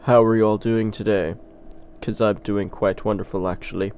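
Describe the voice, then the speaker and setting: A man's voice: lowish voice, level tone, a little mellow, smooth, lightly acted. A man putting on a clumsy fake accent. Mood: mock-formal. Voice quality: deliberately bad accent. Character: man in a put-on exaggerated accent. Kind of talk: gaming commentary.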